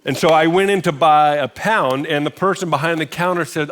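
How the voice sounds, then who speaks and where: A middle-aged American pastor preaching in a church, telling a personal story in a conversational way with self-deprecating humor. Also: male voice, a little high, brisk, hardly any pauses, fairly bright tone. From United States. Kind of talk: sermon storytelling. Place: church sanctuary.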